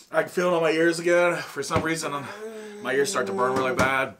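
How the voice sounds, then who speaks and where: A man's voice: a little high, noisy background. A man with an Ohio accent chatting casually on a food challenge vlog while gasping and groaning through burning heat. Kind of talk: casual chat.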